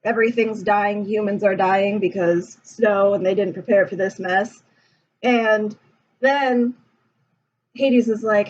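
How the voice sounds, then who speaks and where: A woman's voice: medium pitch, fairly even intonation, slow, slight background noise. A young woman casually retelling a myth in a laid-back, slangy way, full of fillers. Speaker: storyteller. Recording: dull lo-fi recording.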